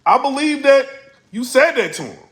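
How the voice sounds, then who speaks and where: A man blogging about the battle rap scene in a casual commentary vlog, telling stories in a slangy, animated way. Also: very high-pitched, normal speed, roomy sound.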